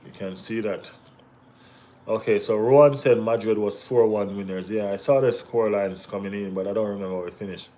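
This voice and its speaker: A Jamaican man hosting a casual football watch-along stream, bantering with viewers in relaxed Caribbean slang. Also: on the low side, fairly quick. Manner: laid-back banter with Caribbean slang, bursts of excited teasing. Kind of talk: casual live-stream chat reading viewer comments.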